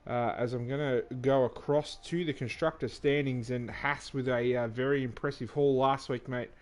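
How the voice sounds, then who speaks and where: A man with an Australian accent doing relaxed live commentary on a sim racing league, trading dry banter and reading out standings with plenty of fillers. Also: mid-range voice, normal speed.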